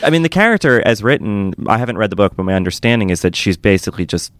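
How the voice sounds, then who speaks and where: Low-voiced chatty man discussing films. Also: sing-song, rapid-fire, no echo, studio quality. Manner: chatty, enthusiastic, many fillers and restarts. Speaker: film podcast co-host. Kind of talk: casual film chat.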